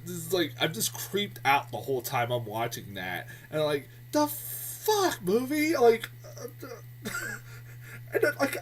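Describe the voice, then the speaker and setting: A man's voice: on the high side, a bit bright, recorded from a distance, slight background noise. A man giving a casual, profane movie review, sounding exasperated and often laughing. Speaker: film reviewer.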